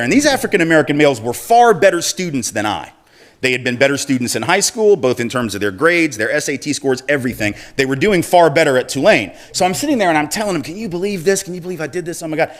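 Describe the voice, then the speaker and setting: A man's voice: a little high, very animated, fast. Conversational man telling a story. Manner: conversational storyteller, acts out quoted voices. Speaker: speaker. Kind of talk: public speech with a personal story.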